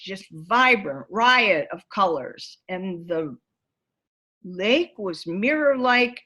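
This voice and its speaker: A woman facilitating a spiritual gathering, telling a vivid story about her own life and acting out its scenes as she goes. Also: medium pitch. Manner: vivid, animated storyteller who acts out scenes. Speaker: workshop facilitator and author.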